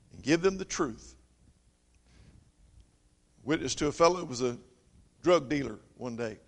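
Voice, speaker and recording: Man, preacher, sermon, fairly high voice, scripture read with loud emphasis, quiet storytelling. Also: vocal fry. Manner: loud emphatic reading that drops to soft intimate storytelling.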